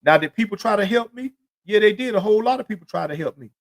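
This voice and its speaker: High-voiced man telling street stories. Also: expressive, quick pace. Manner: loose, profane street storytelling; rambling, repeats "you know what I'm saying". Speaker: podcast host. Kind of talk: solo podcast monologue.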